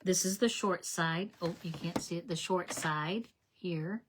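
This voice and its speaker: Background noise sits behind this channel host, a middle-aged woman whose fairly low voice unfolds unhurriedly as she demonstrates card-making. She talks through each step with chatty enthusiasm, addresses viewers as "you guys," and often catches and fixes her own words.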